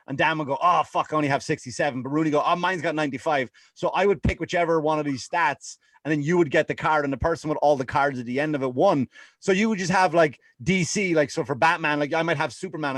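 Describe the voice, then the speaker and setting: A man's voice: fairly high pitch, no echo. A man with an Irish accent, rambling through comic stories on a casual podcast and laughing at his own jokes. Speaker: podcast co-host. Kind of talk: casual comedic chat.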